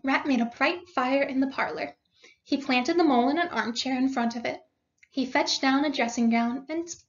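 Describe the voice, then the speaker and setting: A woman's voice: sits high, a bit bright. A woman teacher reading a storybook aloud to her class and explaining it with questions. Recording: dull lo-fi recording.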